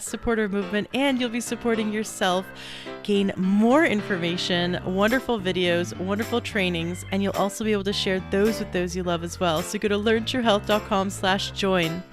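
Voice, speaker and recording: A woman from Toronto with a Canadian accent, hosting a podcast interview and reading the outro with bubbly enthusiasm and frequent laughter. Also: medium pitch. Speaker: podcast host.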